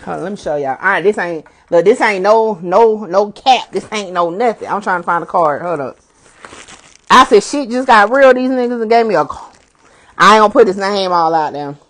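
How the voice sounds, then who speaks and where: Animated, profane woman blogger telling a story. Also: mid-range voice, moderate pace. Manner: animated, profane, repeats herself for emphasis. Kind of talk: casual livestream storytelling.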